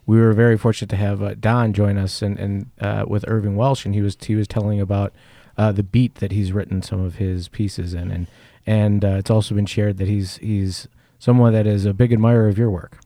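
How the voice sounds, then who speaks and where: A male interviewer puts a question to his guest, halting and filling pauses. His voice is low and mellow, with little movement in pitch. The sound is dry. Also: level tone, no echo. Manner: halting, many fillers.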